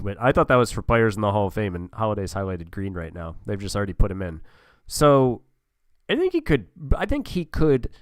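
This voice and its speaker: A lowish, smooth male voice, recorded close and dry with no room sound. He talks through a sports sim game in a relaxed, conversational way, thinking aloud and trailing into fillers as he goes. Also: no echo. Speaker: gaming channel host. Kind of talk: casual gameplay commentary.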